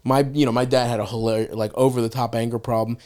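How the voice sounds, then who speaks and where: A man's voice: medium pitch, flat delivery, quick pace, mellow. A man hosting a podcast in casual chat, laughing often, swearing freely and saying "yeah, yeah" over and over. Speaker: podcast host.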